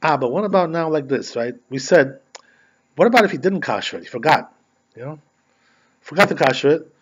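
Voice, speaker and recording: A male rabbi with a fairly high, husky voice speaks briskly and animatedly in a dull lo-fi recording. He gives a conversational lesson on religious law, tells stories, and keeps checking in with "right?"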